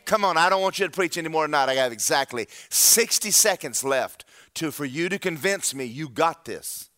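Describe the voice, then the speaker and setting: A man preaching a sermon, telling a story with acted-out dialogue and building to loud exhortation. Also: a little high, animated, moderate pace, no echo, clean studio sound.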